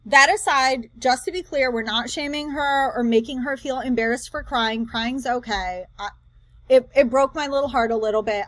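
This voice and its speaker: A woman hosting a casual reaction commentary, chatty and rambling with animated asides. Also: a little high, no room sound. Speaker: reseller commentary host.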